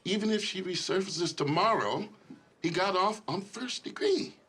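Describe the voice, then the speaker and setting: An actor playing a gruff male police captain who speaks bluntly and gives orders in a film drama. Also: high-pitched, lively intonation, moderate pace, fairly bright tone, heavily acted. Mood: stern. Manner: blunt, commanding.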